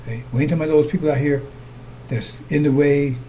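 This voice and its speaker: This fast-talking preacher has a slightly high, mellow voice and a steady tone, with a little hiss or hum audible. Repeating himself and going in circles, he checks that his brothers and sisters can follow.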